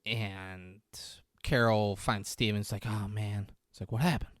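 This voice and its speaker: A man's voice: lowish voice, steady tone, a little slow, no echo, clean studio sound. A man co-hosting a podcast, casually retelling a film scene and acting out the characters' lines with laughs. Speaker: podcast co-host.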